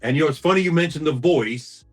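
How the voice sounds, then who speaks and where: A man's voice: a little high, quick pace, faint music behind. A man who is a podcast guest, chatting in a friendly, upbeat way. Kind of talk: casual conversation.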